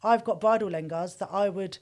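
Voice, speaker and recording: A woman, a bridal boutique owner talking on a podcast, telling stories in an animated, outspoken and emphatic way. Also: mid-range voice, a little fast. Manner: animated storytelling. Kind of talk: casual podcast conversation.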